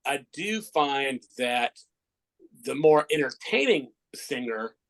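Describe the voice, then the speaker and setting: A man co-hosting a radio chat, giving measured, thoughtful opinions. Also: mid-range voice, animated, a bit bright, poor audio. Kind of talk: casual chat.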